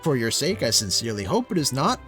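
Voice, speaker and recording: A man's voice: very animated, fast, bright, forceful tone, soft background music. A man doing a pompous guild official. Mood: condescending. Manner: pompous, lofty, swinging pitch.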